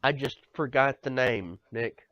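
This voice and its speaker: A man's voice: mid-range voice, unhurried, fairly bright tone, dry recording. A man co-hosting a podcast in casual banter, ranting with profanity and stammering repeats. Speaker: podcast co-host. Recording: dull lo-fi sound, dry.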